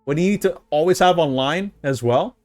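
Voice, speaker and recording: A man's voice: fairly high pitch, normal speed, dry recording. Young male streamer, casual rambling commentary, lots of restarts, dry close sound, faint music underneath. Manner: rambling, with frequent restarts and filler; gets excited and laughs when recalling fun moments.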